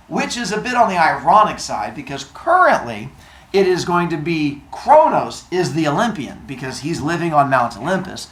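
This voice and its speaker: Animated man telling a silly story. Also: fairly high pitch. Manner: silly, animated, with sound effects. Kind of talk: playful storytelling. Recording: roomy echo.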